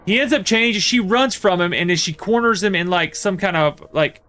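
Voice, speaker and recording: Male game streamer, slightly high pitch, chatty and meandering storyteller. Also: moderate pace, sharp tone. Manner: rambling storyteller, many fillers and restarts. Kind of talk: casual chat while playing a horror game.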